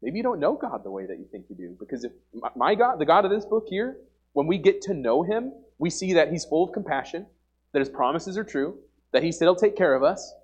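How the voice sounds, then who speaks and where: A young man preaches to a church congregation with a high voice that swings widely up and down. He talks in an earnest, emphatic way, often repeating words and using "like" as a filler. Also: big pitch swings, brisk, darkish tone, husky, dull audio. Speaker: lay preacher. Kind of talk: informal sermon. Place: church service before a congregation.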